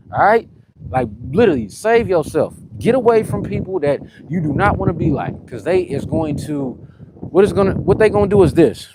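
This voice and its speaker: A man's voice: sits high, background noise. A man chatting loosely and rambling on a live fitness stream, greeting commenters between his workout sets. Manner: loose and rambling, greets commenters, keeps saying "you know what I'm saying". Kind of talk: casual live-stream chat to viewers.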